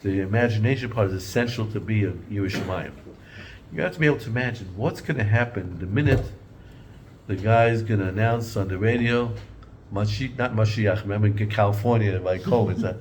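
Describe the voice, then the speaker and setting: A man's voice: fairly low pitch, brisk, darkish tone, slight background noise. A man teaching an informal Torah class in a conversational way, often repeating and restarting words and mixing in Hebrew and Yiddish terms.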